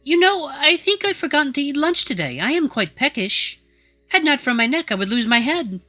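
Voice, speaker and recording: A man's voice: very high voice, sing-song, normal speed, pushed and bright, faint music behind, voice pushed up, exaggerated voice. A man voicing a frail, ancient female wolf elder with a genteel, dotty, grandmotherly manner.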